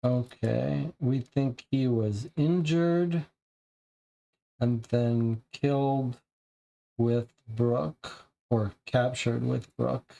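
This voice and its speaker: A man's voice: mid-range voice, fairly even intonation, drawn-out words, creaky, mellow, dull audio. A man playing a game and thinking aloud as he takes notes. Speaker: game player. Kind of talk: casual game commentary.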